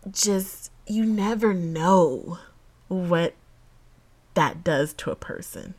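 A young woman hosts her podcast alone, speaking slowly in a fairly low voice. She talks straight to her listeners in loose, slang-filled chat. She laughs often and gets emotional along the way. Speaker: podcast host. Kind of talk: casual solo podcast talk.

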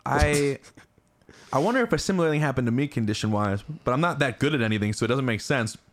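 Excitable jokey podcast co-host, man. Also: medium pitch, fast talker. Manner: excitable, jokey, swears freely. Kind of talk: casual comedy banter.

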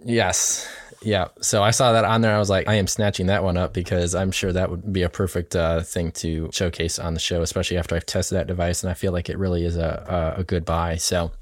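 A man co-hosting a casual tech news podcast, upbeat and quick to laugh as he walks through deals and news. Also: deep voice, level tone, no echo, studio quality.

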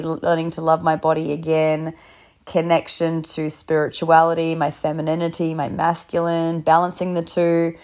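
Low-voiced sick woman hosting a podcast. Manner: upbeat, swears freely. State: sick, close to losing her voice. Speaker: podcast host. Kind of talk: casual solo podcast intro. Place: in bed at home.

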